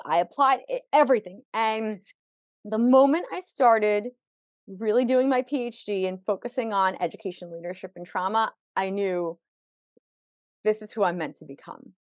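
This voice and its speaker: A woman's voice: mid-range voice, unhurried, dry recording. Woman telling a vivid personal story. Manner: vivid, acts out quoted people; repeats words when emotional. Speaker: podcast guest.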